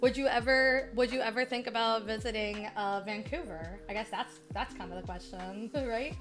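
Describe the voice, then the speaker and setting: A woman's voice: a little high, normal speed, fairly bright tone, faint music behind. Bubbly streamer woman with Midwestern accent. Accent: Midwestern American (Chicago). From Chicago, USA. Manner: bubbly, chatty, talks straight to viewers, easily sidetracked. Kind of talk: casual livestream chat while gaming.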